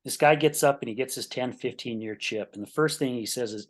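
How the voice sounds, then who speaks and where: Storytelling man host, mid-pitched. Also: brisk, hardly any pauses. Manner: animated storyteller, keeps asking "right?". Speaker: podcast host. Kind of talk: interview conversation with storytelling.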